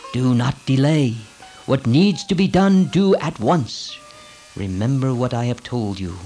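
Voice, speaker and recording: A scheming woman servant from an old storybook tale, full of insistent, commanding urgency as she presses her mistress, with a man reading her lines. The voice sits at an ordinary middle pitch, with faint music underneath. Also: lively intonation, unhurried, mellow. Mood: urgent.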